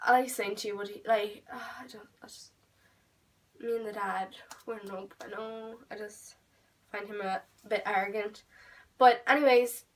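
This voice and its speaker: Teenage girl, Irish accent, casual storytime vlog, animated, swearing, filler-heavy, slightly distant mic. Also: a little high. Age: teens. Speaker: beauty vlogger.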